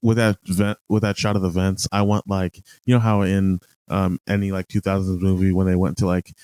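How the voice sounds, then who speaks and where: A man's voice: low-pitched, little pitch movement, fairly quick, a little mellow, clear, resonant tone, dry recording. A man co-hosting a podcast, chatting casually and leaning on fillers as he works through his thoughts. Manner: laughs often, filler-heavy. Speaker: podcast co-host. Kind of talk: casual chat.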